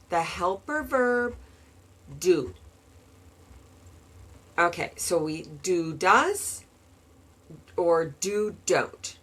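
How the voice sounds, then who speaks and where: A woman teaching grammar, going through example questions slowly and repeating them. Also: mid-range voice. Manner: slow, deliberate, repeats example sentences. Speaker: English teacher. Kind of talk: explanatory grammar lesson.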